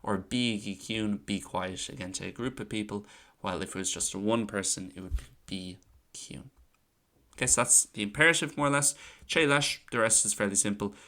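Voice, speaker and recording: A man, teaching grammar in a casual online lesson and repeating example phrases slowly. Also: lowish voice, sharp tone. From Ireland. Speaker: Irish language teacher.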